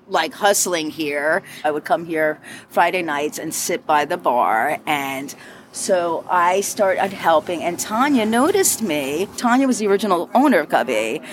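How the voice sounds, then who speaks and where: A middle-aged woman bartender telling her story in an interview, lively and chatty, laughing often and adding quick asides. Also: on the low side, a little hiss or hum. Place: inside a bar.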